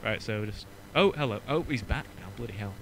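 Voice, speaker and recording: A man's voice: on the low side, animated, a little hiss or hum, low-quality recording. A young man with a Northern English accent, hosting a podcast in a rambling, joking chat. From Northern England. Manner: joking, rambling, quick to mock. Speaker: podcast host. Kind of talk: casual chat.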